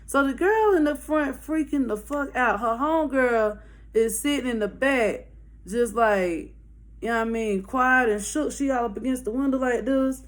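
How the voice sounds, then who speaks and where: A woman telling a wild story to her viewers in casual slang, animated, profane and laughing. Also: sits high, moderate pace.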